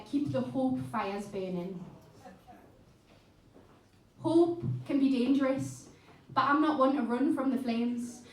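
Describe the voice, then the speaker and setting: A woman poet performing spoken word live on stage, with an impassioned, rhythmic delivery and chatty asides between poems. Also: a little high. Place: live music venue stage. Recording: echoey room, mic at a distance.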